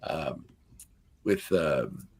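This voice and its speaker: A man's voice: rumbling low, animated, drawn-out words, darkish tone, husky. A man with a Nova Scotian accent hosting a podcast, chatting loosely with lots of fillers and restarts. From Canada. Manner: meandering, many fillers and restarts. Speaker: podcast host. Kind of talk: casual podcast chat.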